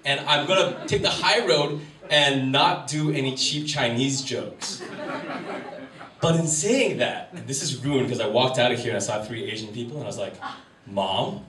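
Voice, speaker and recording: A man's voice: medium pitch, moderate pace, fairly bright tone. A man, doing a rambling, self-deprecating stand-up set in a comedy club. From Wisconsin, USA. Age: 30s. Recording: roomy live venue, distant mic, crowd ambience. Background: room noise and audience.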